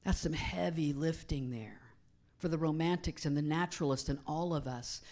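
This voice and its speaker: Woman minister, slightly low voice, chatty sermon with questions to the congregation, animated then hushed. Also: moderate pace. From United States. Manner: conversational, asks the congregation questions; animated storytelling, softening to hushed emphasis. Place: church sanctuary.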